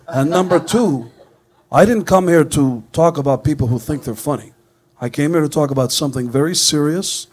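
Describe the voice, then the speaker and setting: A man doing an impression of a famous rock musician as a pompous, deadpan salesman pitching merchandise. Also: natural voice.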